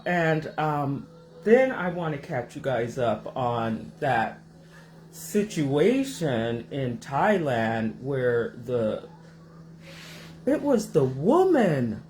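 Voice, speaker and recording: A woman host talks casually to her viewers from her kitchen, wandering from one story to the next. Her pitch rises and falls widely and she speaks at an unhurried pace. A faint hum of room noise sits underneath her voice. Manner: animated, rambling, acts out voices in her stories. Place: home kitchen.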